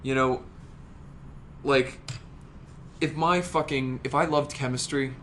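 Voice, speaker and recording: Excitable, swearing man co-hosting a podcast. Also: mid-range voice, slow, slight background noise. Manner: rambling, excitable, swears a lot. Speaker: podcast co-host. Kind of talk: casual chat.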